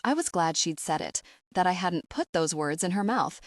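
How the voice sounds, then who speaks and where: A woman narrating a first-person romance audiobook in a steady, even storytelling voice. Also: on the low side, moderate pace, no echo, clean studio sound.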